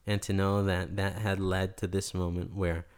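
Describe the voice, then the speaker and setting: A young man, a guest, telling a story in a soft, unhurried and thoughtful way. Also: low-pitched, little pitch movement, clean tone. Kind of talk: reflective storytelling in conversation.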